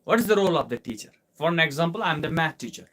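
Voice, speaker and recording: Young Indian-accented male English teacher, slightly high voice, live Q&A class, explanatory and repetitive. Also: lively intonation, rapid-fire, fairly bright tone. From Kashmir, India. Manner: explanatory, repeats points with rhetorical questions. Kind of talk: live class answering viewer questions.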